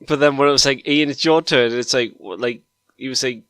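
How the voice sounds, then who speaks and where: A young man co-hosting a casual podcast, telling a story excitably with lots of swearing. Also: mid-range voice, fairly quick, clean tone, no echo. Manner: excitable storytelling, heavy swearing, bursts of laughter. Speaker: podcast co-host. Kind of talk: casual chat.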